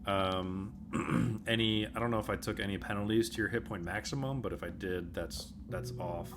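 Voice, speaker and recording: A man's voice: lowish voice, moderate pace, noisy background. A man running a tabletop game as game master, laid-back and full of ums and small laughs.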